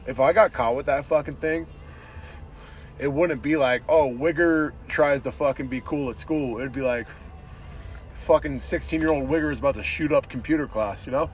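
Male podcast host, mid-pitched, casual rant, heavy swearing, opinionated and blunt. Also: moderate pace. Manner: profane, says "dude" constantly.

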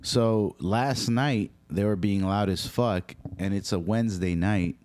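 A man's voice: on the low side, unhurried, no echo. A young man casually telling a story about noisy neighbors, swearing often and acting out the dialogue. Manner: profane, animated, quotes people in dialogue. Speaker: storyteller recounting a dispute.

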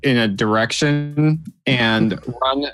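A man playing a tabletop game, talking in a rambling, halting way. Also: mid-range voice, a bit bright, faint music behind. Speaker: player.

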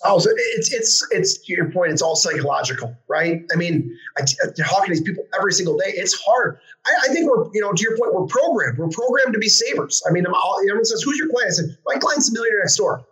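A man's voice: sits high, lively intonation, quick pace, few pauses, fairly bright tone, rough recording. A man hosting a finance interview, enthusiastic and talkative, with many restarts and fillers. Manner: enthusiastic, filler-heavy, restarts, asks long questions. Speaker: host of a finance show.

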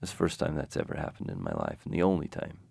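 A man's voice: extremely low pitch, big pitch swings, quick pace, vocal fry, a little mellow, slightly rough, no echo. A man telling a rambling personal anecdote with wry, self-deprecating humor and many digressions. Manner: digressive, frequent restarts.

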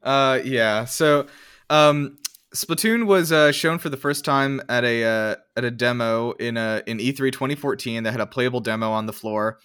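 A man's voice: medium pitch, normal speed, a bit bright, clean tone, dry recording, studio quality. A man co-hosting a casual podcast chat, rambling with lots of fillers and casual swearing. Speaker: podcast co-host.

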